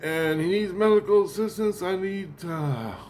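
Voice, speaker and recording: A man voicing a frantic caller who shouts an alarm in a high, strained voice. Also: moderate pace, a little hiss or hum, natural voice. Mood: urgent.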